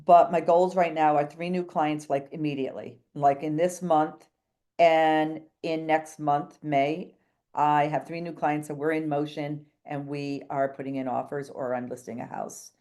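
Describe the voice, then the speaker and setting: A woman talks as a guest on a podcast, telling a long story in a chatty way. Her voice sits on the low side. She jumps from one thought to the next and acts out the people she quotes. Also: flat delivery, unhurried, warm tone. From New England. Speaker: real estate agent, podcast guest. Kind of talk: animated storytelling in a podcast interview.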